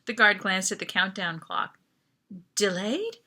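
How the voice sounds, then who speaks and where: Bright-voiced woman reading her novel. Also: mid-range voice, moderate pace. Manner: lively, expressive. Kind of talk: first-person audiobook narration.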